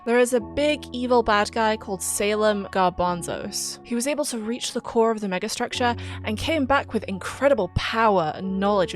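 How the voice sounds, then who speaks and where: A young British woman with a British accent narrating a video essay about a game in a chatty, giggly, self-deprecating way. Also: mid-range voice. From Britain. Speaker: YouTuber.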